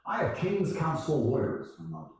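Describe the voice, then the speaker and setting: A man telling a story in casual chat, profane and animated, acting out other people's lines. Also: medium pitch, normal speed. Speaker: guest storyteller. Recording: echoey room, distant mic.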